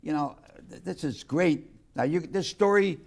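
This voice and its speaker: High-voiced folksy talk-show host. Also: male voice, normal speed, vocal fry. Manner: folksy, joking interjections. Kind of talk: casual talk-show chat.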